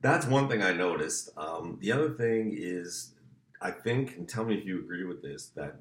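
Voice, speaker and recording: A man's voice: sits low, animated, moderate pace, roomy sound. A man co-hosting a podcast, breaking down a fight in casual, eager chat. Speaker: podcast co-host.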